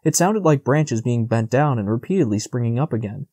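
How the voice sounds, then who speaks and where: A man reading a storybook audiobook in a calm, measured narration. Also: mid-range voice, slightly rough, no room sound. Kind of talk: scripted narration.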